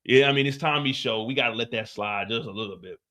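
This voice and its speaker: Animated, profane man recapping a show. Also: medium pitch, fast talker. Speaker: livestream host. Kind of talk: casual TV episode recap.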